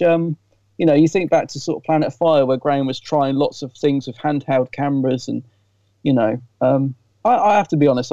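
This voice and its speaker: A man's voice: on the high side, gravelly, mellow, no room sound, muffled recording. A man co-hosting a casual podcast chat, sharing candid, enthusiastic fan opinions. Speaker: podcast co-host.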